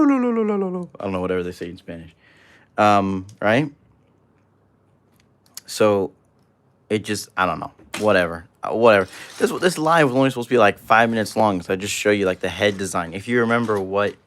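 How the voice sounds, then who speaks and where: Guy chatting on a build stream, rambly, jokey, normal pitch. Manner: rambling, jokey, reads chat aloud. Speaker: livestream host. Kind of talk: casual livestream chat while building.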